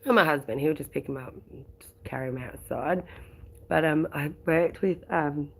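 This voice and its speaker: Australian woman, live-stream host, chatty and rambling, low gravelly voice. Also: normal speed, slight background noise. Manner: chatty and rambling, laughs often. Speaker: livestream host. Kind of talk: casual live-stream chat.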